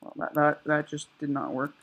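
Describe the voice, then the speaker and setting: A young man giving casual, excitable commentary while he plays a survival game, exclaiming and joking sarcastically. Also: fairly high pitch, normal speed, gravelly, slightly rough, muffled recording. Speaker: gameplay commentator.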